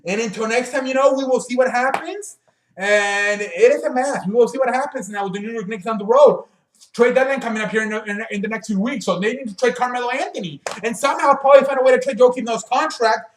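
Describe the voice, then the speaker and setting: A high-voiced man rants about sports to the camera, blunt and profane, tripping over his words and restarting. He sounds out of breath, and his voice bounces around an echoey room. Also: quick pace. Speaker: sports show host. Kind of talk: casual sports rant to camera.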